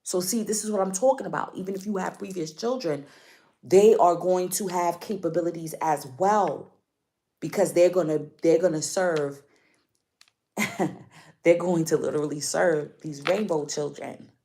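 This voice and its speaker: Her mellow, lowish voice moves at a normal speed as she offers viewers a relaxed spiritual card reading. Speaking with emphasis, she goes over her points again and keeps asking if they follow.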